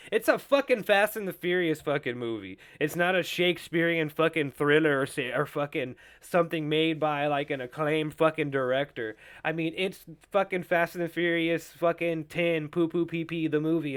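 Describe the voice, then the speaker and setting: A man's voice: fairly high pitch, fairly bright tone. A young man hosting a solo pop culture podcast, ranting in a profane, sarcastic and mocking way. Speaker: podcast host.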